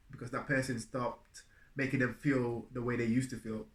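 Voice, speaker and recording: A man's voice: mid-range voice, level tone, a little fast. A man in casual chat, sharing earnest, reflective advice about marriage and laughing easily along the way. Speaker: husband co-hosting a marriage video. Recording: echoey room.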